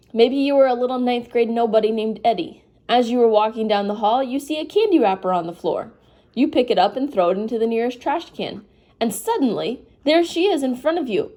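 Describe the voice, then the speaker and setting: A woman's voice: a little high, darkish tone. A sleepy woman reading a novel aloud in a casual, informal way, stopping now and then to comment. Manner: informal, breaks off to apologize and comment. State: sleepy, yawning. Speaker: reader.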